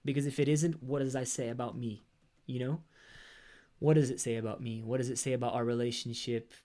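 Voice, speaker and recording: Reflective rock singer chatting on a livestream. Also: male voice, medium pitch, fairly even intonation, a little fast, dark tone. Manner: reflective, rambling, with bursts of sung lines. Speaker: lead singer of a rock band, vlogger. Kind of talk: casual livestream chat.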